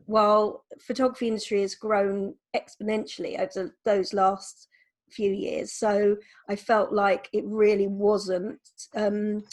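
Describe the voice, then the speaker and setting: A woman, a photographer, answering interview questions over a video call in a thoughtful, hesitant way. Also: medium pitch. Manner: thoughtful, hesitant, with ums and repeats. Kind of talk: casual conversational interview.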